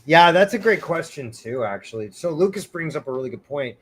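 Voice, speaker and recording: Speaking a little fast with an expressive, fairly high-pitched voice, a man runs a relaxed arborist livestream. He fields viewer questions, joking and punning, and laughs a lot along the way.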